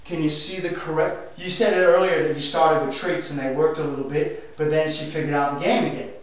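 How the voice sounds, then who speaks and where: A man coaching a dog owner in a hands-on training demonstration, energetic and direct. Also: a little high, a little fast. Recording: echoey room, mic far off.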